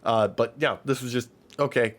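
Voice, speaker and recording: A man co-hosting a podcast in casual chat, excitedly recapping wrestling matches and swearing freely. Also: mid-range voice, moderate pace. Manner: excitable, profane, recaps matches with acted-out quotes. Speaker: podcast co-host.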